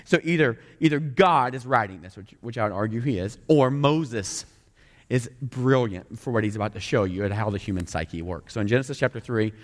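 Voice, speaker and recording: A male pastor with a Southern American accent preaches a sermon to a big congregation. He is conversational and animated, throwing quick jokes to the crowd. His voice sits at a middle pitch, and a long reverb rolls through the large room. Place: large room with a couple hundred people.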